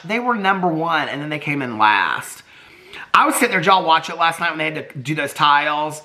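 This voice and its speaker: A fifty-something man riffs on reality TV in a bright, forceful voice that swings widely up and down. He is sassy and swears freely, and he slips into little voices for the people he quotes. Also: on the high side, lively intonation, moderate pace, vocal fry. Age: 50s. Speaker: TV reaction vlogger. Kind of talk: casual reality TV commentary.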